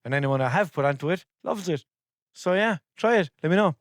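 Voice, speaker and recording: A man's voice: on the high side, lively intonation, fairly quick, no echo, studio quality. An Irish man hosting a podcast in casual chat, rambling and sweary and easily exasperated. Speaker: podcast host.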